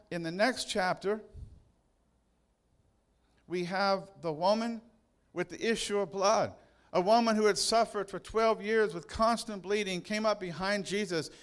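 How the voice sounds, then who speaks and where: A male pastor preaching a sermon in church, retelling Bible passages with emphatic, drawn-out stresses and touches of humor. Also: high voice, clear, resonant tone.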